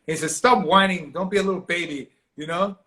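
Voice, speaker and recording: Animated man telling a story. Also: high voice, fairly quick. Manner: animated, acts out quoted voices, laughs often. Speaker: actor guest. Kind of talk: storytelling interview.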